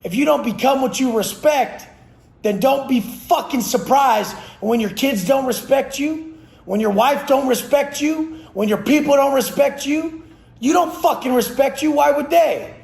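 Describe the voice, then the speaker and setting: A man's voice: very high voice, measured pace, gravelly, darkish tone. A man who trains people for a living, giving a blunt, profane motivational rant with aggressive, preachy force. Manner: blunt, aggressive, heavy swearing. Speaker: fitness trainer. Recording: roomy echo.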